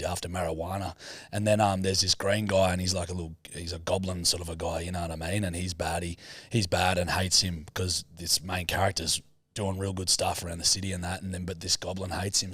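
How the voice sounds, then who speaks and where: A man co-hosting a podcast, telling stories in a crude, swearing, animated way. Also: deep voice, no echo, studio quality. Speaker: podcast co-host. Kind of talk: casual chat.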